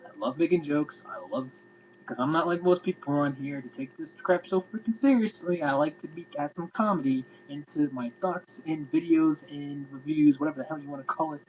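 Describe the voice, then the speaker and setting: A man's voice: fairly high pitch, brisk. A man rants through a casual video review, rambling and exasperated and cursing freely. The sound is thin and tinny, like a phone line. A faint hum runs underneath. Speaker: wrestling reviewer.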